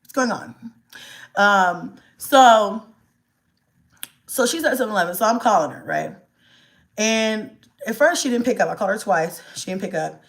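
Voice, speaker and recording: A woman, casually telling a storytime vlog about her child. She talks in an animated, exasperated way, swears freely and acts out the dialogue. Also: mid-range voice, moderate pace, pauses often. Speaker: vlogger, mother.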